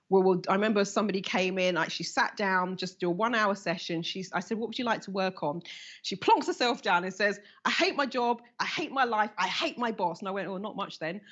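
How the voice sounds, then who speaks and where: A woman in her fifties giving a live talk as a workshop teacher, telling lively stories and acting out the voices of the people in them. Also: mid-range voice, dull audio. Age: 50s. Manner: animated storyteller who acts out quoted voices.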